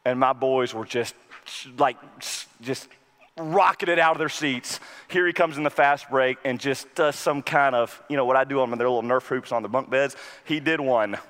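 A man's voice: medium pitch, moderate pace. Man preaching in a reverberant church hall. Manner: storytelling, building to loud proclamation, then hushed prayer. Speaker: pastor. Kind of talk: sermon with closing prayer. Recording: hall reverb from a large room.

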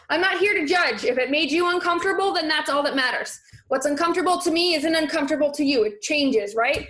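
A young woman hosting a motivational live stream, talking in an energetic, encouraging way and reading viewer comments aloud. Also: high-pitched, fast, reverberant.

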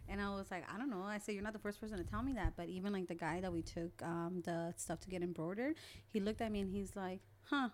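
A woman's voice: medium pitch, quick pace. A young woman, a guest on an interview show, chattily retelling conversations and memories in a casual storytelling way. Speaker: guest, older sister.

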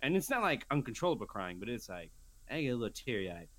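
A man's voice: medium pitch, quick pace. A young man co-hosting a podcast, rambling through stories in casual chat and acting out his own quoted lines. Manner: rambling, animated storytelling with put-on quoted voices. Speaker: podcast co-host.

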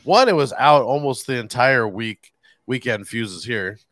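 Man, podcast co-host, exasperated venting, swearing, mid pitch, dry close sound. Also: expressive, unhurried, fairly bright tone, dry recording. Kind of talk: casual podcast chat.

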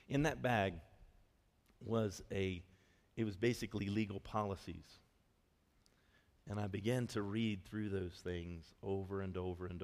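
A man preaching a sermon as pastor, telling a story in a lively, conversational way with quick asides. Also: deep voice, in a large hall. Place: church hall.

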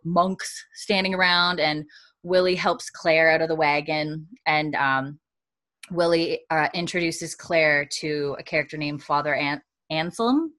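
A woman co-hosting a podcast, recapping a TV episode in a loose, chatty way full of "like" and fillers, talking from a warm room indoors. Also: sits low, fairly even intonation, unhurried. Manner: chatty, filler-heavy with frequent "like". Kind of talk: casual chat recapping a TV episode.

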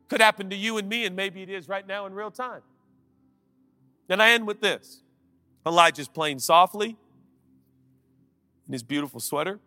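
A man preaching a sermon as pastor, swinging between loud impassioned calls and quiet conversational asides. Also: high-pitched, normal speed, pauses often, dry recording, studio quality, long reverb tail, faint music behind.

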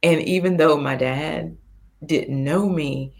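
Low-pitched and slow, this woman in her fifties shares a personal story as a guest on a podcast. She's heartfelt and animated, with occasional laughter.

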